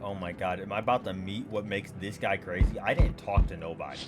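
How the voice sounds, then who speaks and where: A young man giving excitable let's play commentary, swinging between yelling and mumbling. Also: low-pitched, fairly quick, hardly any pauses, over music. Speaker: gaming YouTuber.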